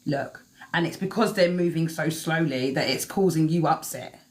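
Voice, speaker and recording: Woman, live tarot reader; chatty, blunt, swears at the cards, lowish voice. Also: normal speed. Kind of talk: live-stream tarot reading.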